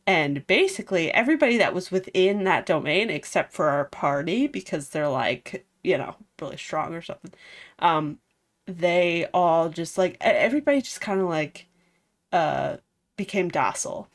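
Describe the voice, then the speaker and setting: A woman's voice: fairly low pitch, lively intonation, normal speed. A woman casually recapping a video game story, chatty and rambling. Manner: chatty, rambling, lots of fillers. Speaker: game streamer.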